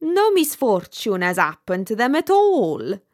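A woman voicing a blunt, practical Roman candle firework in a storybook reading, in a gruff, matter-of-fact manner. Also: a little high, huge pitch swings, a little slow, a little mellow, no room sound, studio quality.

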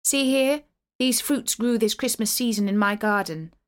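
A woman's voice: fairly high pitch, moderate pace, close to an everyday voice. A woman voicing a poor, humble medieval knight who speaks politely and pleadingly.

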